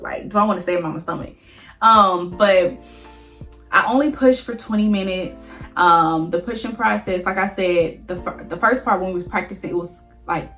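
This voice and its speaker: A young woman vlogger shares a personal story with her viewers in a chatty, emotional way, often calling them y'all. Her voice is on the low side and a bit bright.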